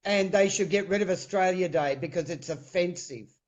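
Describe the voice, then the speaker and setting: High-voiced Kiwi man on a dull call. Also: normal speed. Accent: New Zealand. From New Zealand. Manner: earnest, says mate often. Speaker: livestream guest. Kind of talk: casual call-in chat. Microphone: video call. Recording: dull lo-fi video call audio.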